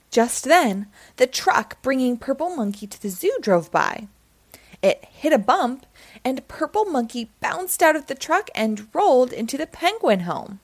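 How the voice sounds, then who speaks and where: Slow, expressive woman storyteller. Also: sits high, dry recording. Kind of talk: reading a children's book aloud.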